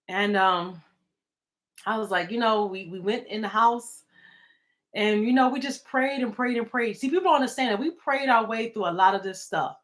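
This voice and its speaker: A woman's voice: a little high, moderate pace, a bit bright. A woman talking casually and emotionally in a live video, rambling and indignant as she defends her partner.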